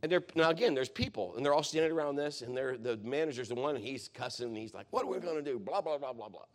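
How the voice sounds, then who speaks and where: A man's voice: mid-range voice, fast talker. A man preaching, telling a personal story in a rambling, conversational way, often correcting himself. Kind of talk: sermon testimony storytelling.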